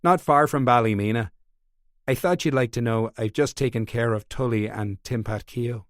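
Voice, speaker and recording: A man's voice: medium pitch, moderate pace, no room sound, studio quality, lightly acted. A man voicing a desperate, cold young Northern Irish gunman who stays polite and defiant. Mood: cool.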